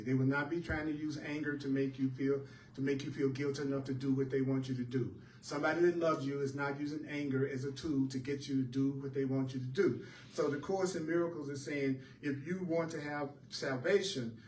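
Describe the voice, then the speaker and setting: A man's voice: medium pitch, darkish tone, slight background noise. A man teaching a spiritual class, repeating his points with an emphatic, preacher-like cadence. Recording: echoey room heard from a distance.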